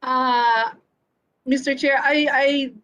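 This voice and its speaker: A woman's voice: sits high, steady tone, fairly bright tone. Hesitant Filipino woman official testifying. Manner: halting, many filler pauses. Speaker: health insurance official. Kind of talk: formal hearing testimony.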